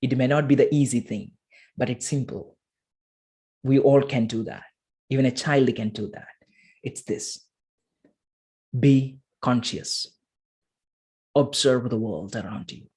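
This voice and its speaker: Emphatic man giving a motivational talk. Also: mid-range voice. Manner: repetitive, emphatic, slows to soft guiding tones. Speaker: motivational speaker. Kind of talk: motivational talk with a guided exercise.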